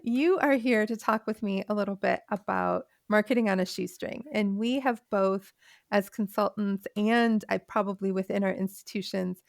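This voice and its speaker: Woman host, Minnesota accent, upbeat interviewer, a bit of fry, dry close mic. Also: medium pitch, dry recording. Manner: upbeat, laughs easily. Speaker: podcast host. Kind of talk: casual interview chat.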